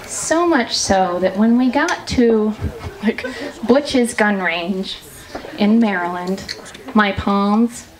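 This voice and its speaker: A woman's voice: mid-range voice, slow. A woman political commentator giving a humorous, sarcastic live speech and taking questions at a party. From living in Virginia. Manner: chatty, sarcastic, laughing often. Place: indoor party venue. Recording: live room with crowd noise.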